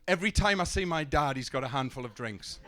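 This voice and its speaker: Stumbling deadpan comic. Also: male voice, on the high side, fast talker. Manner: deadpan one-liners with stumbling restarts. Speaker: stand-up comedian. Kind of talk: stand-up set. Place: comedy club stage. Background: audience laughter.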